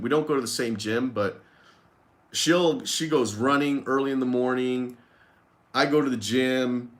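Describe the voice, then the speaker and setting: A man telling a personal story straight to the camera in a loose, rambling way. His voice sits at an ordinary middle pitch. He is candid and now and then swears. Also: fairly bright tone. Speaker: lawn care business owner. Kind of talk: casual storytelling vlog.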